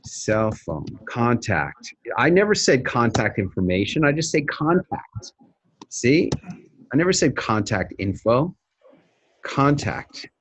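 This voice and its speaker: A man coaching someone through a pitch in a live webinar, brisk and demonstrative in a salesy way. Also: big pitch swings, fairly bright tone, a little hiss or hum.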